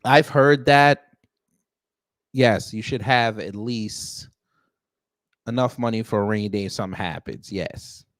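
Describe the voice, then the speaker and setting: A man's voice: fairly low pitch, unhurried, long pauses, no room sound, clean studio sound. A man hosting a casual reaction commentary, talking bluntly with exclamations and repeated phrases. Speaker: host commenting on a court hearing.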